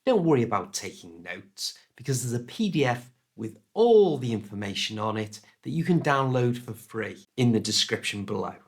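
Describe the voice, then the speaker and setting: A British man telling a story as an English lesson, slow and deliberate, his voice rising and falling a lot. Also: medium pitch. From United Kingdom. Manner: slow, deliberate delivery with lively ups and downs. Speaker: English teacher.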